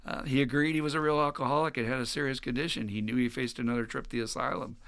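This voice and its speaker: A man hosting a podcast, telling stories in a casual, animated and profane way. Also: medium pitch, rapid-fire, dry recording. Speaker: podcast host. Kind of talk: casual chat.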